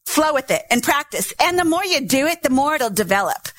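A woman's voice: high voice, sing-song, a little fast, a bit bright. A middle-aged woman pastor preaching a sermon, teaching patiently and sounding out syllables to demonstrate.

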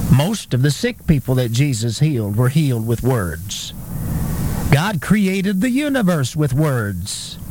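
A man preaching a radio sermon, emphatic and building to fervent declarations, with a gravelly voice. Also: on the high side, noisy background.

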